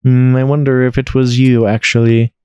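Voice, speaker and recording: A man's voice: mid-range voice, level tone, normal speed, a little mellow, smooth, no room sound. A man playing a horror game and mocking it with sarcastic, profane commentary. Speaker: let's play gamer.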